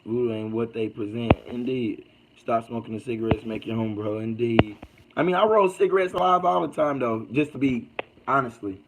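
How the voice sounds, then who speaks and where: A man's voice: medium pitch, moderate pace, gravelly, background noise. A man hosting a casual livestream, reading out comments and preaching in a loose, slangy way. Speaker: livestream host.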